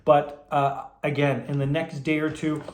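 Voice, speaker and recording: A man's voice: on the high side, level tone, a little slow, darkish tone, echoey room. Tired, rambling man. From Canada. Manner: rambling, enthusiastic, chatty. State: tired, voice going hoarse. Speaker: pipe tobacco vlogger. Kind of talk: casual vlog chat.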